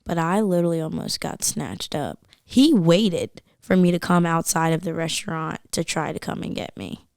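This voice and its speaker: A woman, telling an animated story as a guest on a casual podcast, saying "like" a lot. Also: on the low side, normal speed, vocal fry, few pauses, dry recording, studio quality.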